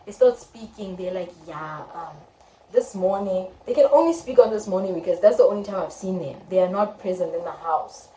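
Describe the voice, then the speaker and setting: Brief: South African woman, 20s, animated storytime vlogger, roomy echo, light noise. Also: medium pitch, moderate pace, distant mic. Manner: animated, dramatic retelling with quoted voices. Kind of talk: casual storytime. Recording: echoey room, faint background noise.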